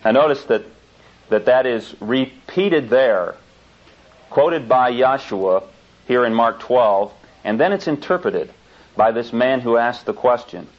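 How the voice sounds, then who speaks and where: Male preacher, mid-pitched, emphatic and insistent, muffled lo-fi tape. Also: animated, slow pace. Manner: emphatic, insistent, repeats key points. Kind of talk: sermon with scripture reading. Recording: dull lo-fi tape recording.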